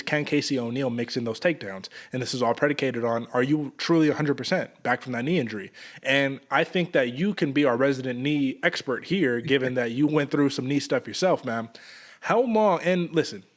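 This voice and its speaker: A man co-hosting a sports podcast, breaking down an upcoming fight in an animated, casual way, dropping "man" a lot. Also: mid-range voice. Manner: animated, says "man" often. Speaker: podcast co-host.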